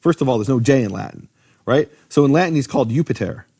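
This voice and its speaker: A man teaching in a conversational lecture about biblical names, animated, posing rhetorical questions and often restarting his sentences. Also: medium pitch, fast, gravelly, husky. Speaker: Bible teacher explaining Hebrew names.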